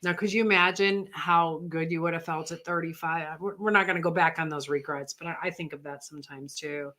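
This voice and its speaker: Tired fifty-something woman co-hosting a live stream, bright voice, rambles and laughs a lot. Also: low voice, fairly even intonation, a little fast. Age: 50s. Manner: rambling, chatty, laughs easily. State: tired, yawning. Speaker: co-host. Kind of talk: casual live Q&A chat.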